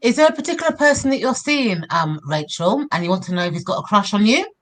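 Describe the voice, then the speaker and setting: A woman co-hosts a live tarot stream at an even, mid-range pitch. She calmly reads out viewer questions and asks them to clarify. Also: fast talker. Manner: calm, reads viewer comments aloud. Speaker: tarot reader and co-host.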